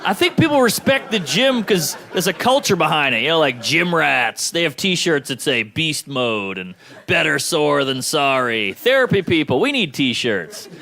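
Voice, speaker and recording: A man in his thirties doing a stand-up comedy set, delivering punchlines deadpan and slipping into quick playful quoted voices. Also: on the high side. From United States. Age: 30s. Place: comedy club stage. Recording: live club with crowd laughter. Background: audience laughter.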